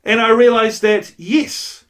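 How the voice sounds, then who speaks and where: A male pastor gives a conversational, earnest sermon, telling a self-deprecating personal story full of asides and frequent "you know"s. His voice is very high and a bit bright, with fairly even intonation, and he takes it slowly.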